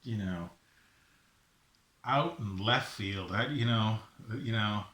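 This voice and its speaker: A middle-aged man telling a personal story in an animated way, acting out the voices of himself and his father. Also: on the low side, slow pace. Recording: echoey room.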